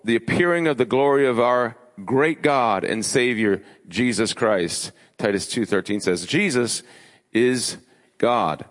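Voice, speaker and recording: A man preaching a sermon as pastor, emphatic, building his lists with rising pitch. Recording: long hall reverb.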